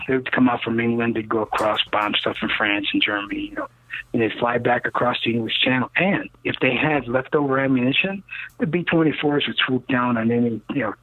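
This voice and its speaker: A man's voice: mid-range voice, no echo. Emphatic older man on a tinny phone line. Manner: emphatic and cynical, peppering talk with "okay?" and "you know". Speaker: rocket builder interviewed as guest. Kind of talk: casual rambling storytelling interview.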